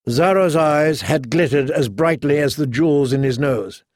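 A man reading a fantasy novel aloud in steady, measured scripted narration. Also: a little high, dry recording, clean studio sound. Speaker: audiobook narrator.

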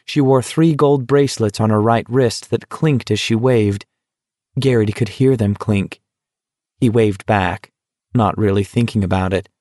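A man reading an audiobook in a steady, measured way. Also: fairly low pitch, dry recording, studio quality. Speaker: audiobook narrator. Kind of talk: audiobook narration.

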